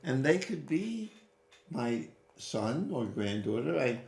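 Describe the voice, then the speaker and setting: A man giving interview answers as a storyteller, animated, with sudden rises in pitch and quick asides. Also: creaky. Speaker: guest. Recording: roomy echo.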